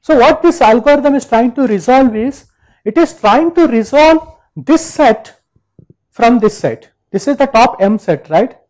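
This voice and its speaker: A male university lecturer explaining step by step, checking in with listeners and pausing on fillers. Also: extremely high pitch, animated, a little mellow, low-quality recording. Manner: explains step by step, frequent "right?" and "uh".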